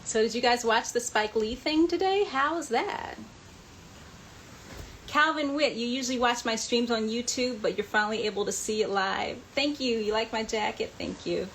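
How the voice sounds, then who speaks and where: A woman hosting a live online chat, answering fan questions and reading out comments in a relaxed, chatty way. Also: on the high side, moderate pace, slight background noise, rough recording. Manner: chatty, reads out viewer comments, laughs often.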